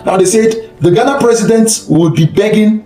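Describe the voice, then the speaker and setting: A man ranting in a commentary video, animated and mocking, laughing and raising his voice. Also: high-pitched, normal speed, roomy sound, soft background music, poor audio. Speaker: social media commentator.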